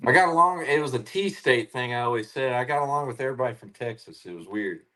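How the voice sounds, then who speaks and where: A man's voice: mid-range voice, animated, fast, sharp tone. A man from Tennessee in casual chat, joking and swearing freely.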